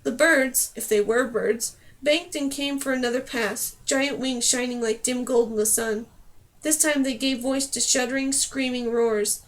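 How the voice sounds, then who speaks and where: A woman narrating a fantasy novel as an audiobook reader. Her voice sits high, and she tells the story in a steady, clear way. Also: unhurried. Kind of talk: scripted narration.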